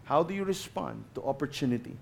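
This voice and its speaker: This guest pastor, Filipino-accented with a creaky mid-range voice, delivers an animated sermon at a quick pace over a faint hiss or hum. He alternates loud, emphatic lines with quiet asides and mixes in Tagalog phrases.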